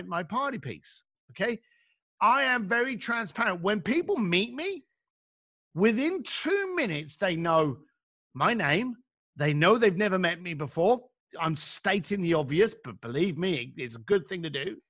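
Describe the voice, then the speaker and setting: A man's voice: high-pitched, fairly bright tone, no room sound, clean studio sound. A middle-aged man, an author guesting on a podcast, telling stories in a blunt, emphatic way and acting out the voices of people he quotes. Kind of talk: animated conversational storytelling.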